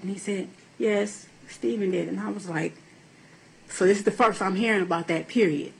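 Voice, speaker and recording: A woman's voice: medium pitch, moderate pace, vocal fry, breathy edge, poor audio. A woman giving courtroom testimony, telling her account in a blunt, profane, emotional way. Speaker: defendant in court.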